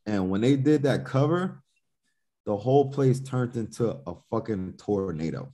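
A podcast guest who's a musician from Newark, New Jersey, tells stories casually and loosely, cursing freely and performing his old reactions. His medium-pitched voice is dark, lively in intonation, and a little slow.

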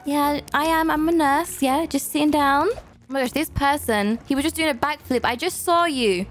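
A young woman giving playful, excitable commentary while playing a hospital role-play game, chatting and exclaiming often. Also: sits high, fairly quick. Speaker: gaming YouTuber.

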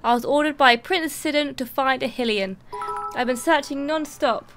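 A woman's voice: high-pitched, moderate pace, a bit bright, faint music behind. A woman voicing a polite, apologetic fish-person messenger, reading game dialogue aloud in a formal, courteous way.

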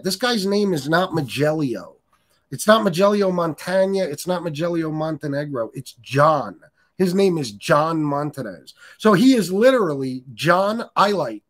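A middle-aged man hosting a live stream, reading chat comments and trash-talking in a blunt, crude, heated way. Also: on the high side. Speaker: livestream host reading chat. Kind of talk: casual profane live-stream rant.

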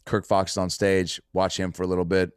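Animated, lively male comedian storyteller. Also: low voice, fairly quick, smooth, dry recording, studio quality. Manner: animated, swearing, acts out quotes. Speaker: comedian guest. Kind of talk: casual storytelling on a podcast.

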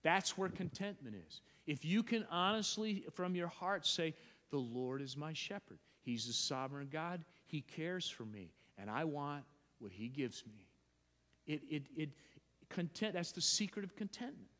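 This pastor's voice is a little high, animated, unhurried, and fairly bright, echoing with long church reverb through the sanctuary. Preaching his sermon with emphasis, he repeats phrases and keeps restarting what he's saying.

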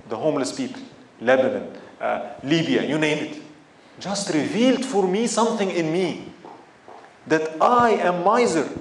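A man's voice: fairly high pitch, expressive, normal speed. Impassioned male lecturer in echoey room. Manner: impassioned, rhetorical questions, rising to emphatic outbursts. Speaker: Islamic lecturer. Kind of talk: religious lecture to an audience. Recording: echoey room with faint background noise.

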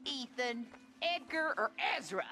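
A woman's voice: fairly high pitch, lively intonation, measured pace. An actress voicing a mean, foul-mouthed old rural grandmother who hurls insults and threats, with a harsh, scolding voice. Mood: scornful. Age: older. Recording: game audio with music behind.

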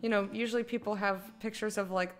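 A woman's voice: mid-range voice, steady tone, fast, faint music behind. A young adult woman streaming a game, chatting, joking and reading the game text aloud. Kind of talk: casual live-stream commentary.

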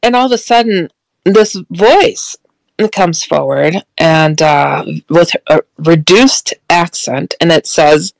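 A woman telling a strange personal story in a casual, animated way, often acting out the dialogue. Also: lowish voice, slow, vocal fry, no echo, rough recording. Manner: animated, quotes dialogue, laughs often, frequent restarts. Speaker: guest recounting a paranormal experience.

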